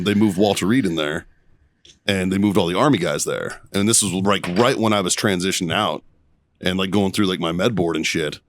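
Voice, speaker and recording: Male former Marine, thirties, low-pitched, profane storyteller, dry close-mic podcast sound. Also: dry recording. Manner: profane, animated storytelling with laughter. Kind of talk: casual profane banter and storytelling.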